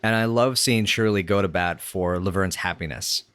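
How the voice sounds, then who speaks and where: This co-host's voice is low-pitched and smooth with a fairly bright tone, at normal speed and without echo. Chatting casually on a podcast about a sitcom episode, he rambles with plenty of fillers and restarts.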